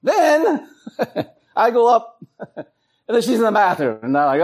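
A male pastor preaches a sermon, telling stories with animation and acting out voices along the way. His voice is high-pitched and his pace unhurried.

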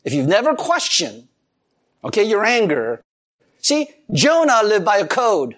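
Male pastor mid-sermon; very lively, swooping pitch, expressive and animated. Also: slow, long pauses. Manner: animated preaching with laughs and acted-out quotes.

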